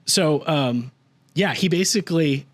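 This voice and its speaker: Speaking at a measured pace in a voice on the high side, a man hosting a podcast casually recaps a story. He's rambling and profane, full of "like," and briefly imitates characters when quoting them.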